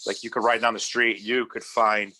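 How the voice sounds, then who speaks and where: Bright-voiced man from New Jersey. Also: on the low side, flat delivery, moderate pace, a little hiss or hum. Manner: rambling, repeats "like I said", swears casually. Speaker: podcast guest. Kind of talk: casual chat.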